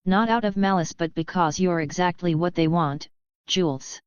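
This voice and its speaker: Brief: smirking young male warlock, calm, firm and knowing, voiced by a woman in a low smooth voice. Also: moderate pace, no echo, dull audio, close to an everyday voice.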